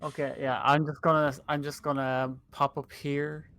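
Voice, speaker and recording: A player works through a turn in a tabletop game, hesitant and thinking out loud. The voice sits in a middle pitch. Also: little pitch movement, normal speed, clean tone. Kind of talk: casual tabletop play.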